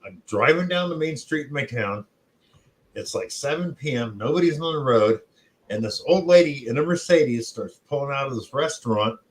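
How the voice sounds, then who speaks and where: A man's voice: medium pitch, lively intonation, normal speed, low-quality recording. A middle-aged man co-hosting a casual chat, telling anecdotes and acting out what others said. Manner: chatty storyteller who acts out quotes. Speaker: co-host.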